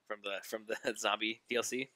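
Low bright-voiced guy, teasing his buddies on a gaming podcast, dry sound. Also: fairly even intonation, fairly quick, dry recording. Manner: teasing, laughs often. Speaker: podcast co-host. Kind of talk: casual gaming chat.

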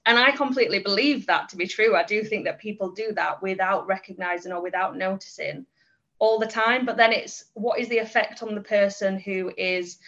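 A woman's voice: mid-range voice, a little fast, fairly bright tone. Candid woman, lo-fi podcast audio. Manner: candid and reflective, frequent small laughs. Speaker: guest inclusion trainer. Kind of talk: casual podcast conversation.

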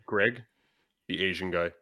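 A man's voice: low-pitched, unhurried, bright, forceful tone. A man co-hosting a podcast, casually and animatedly retelling scenes and acting out quotes. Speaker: podcast co-host. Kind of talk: casual chat.

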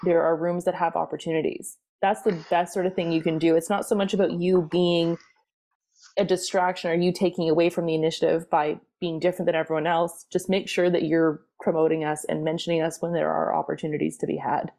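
A woman interviewing a guest, speaking in a measured way as she asks her questions. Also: lowish voice, little pitch movement, gravelly, mellow.

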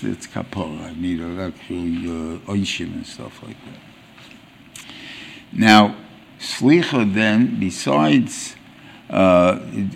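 A man giving an informal Torah lecture as a rabbi, halting and restarting as he searches for words. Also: lowish voice, gravelly, slight background noise. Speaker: rabbi teaching a weekly Torah class.

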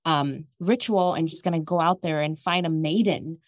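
A woman's voice: deep voice, normal speed, no echo, studio quality. A woman co-hosting a casual chat, recapping a story with jokes and acting out the characters' lines. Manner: animated, jokey, acts out characters' lines. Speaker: podcast co-host recapping a book.

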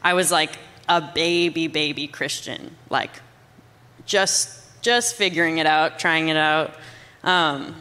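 Bright-voiced young woman, rambling chat. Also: low-pitched, slow pace, long reverb tail. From Canada. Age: young adult. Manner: rambling, fills speech with "like". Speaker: guest. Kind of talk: casual testimony chat.

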